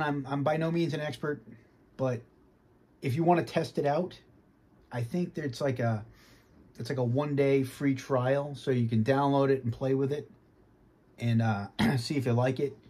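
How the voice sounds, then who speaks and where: A man from Boston with a faint Boston accent, giving an easygoing casual review from his home sim cockpit and often clearing his throat. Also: mid-range voice, warm tone. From Boston, United States. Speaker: flight sim hobbyist.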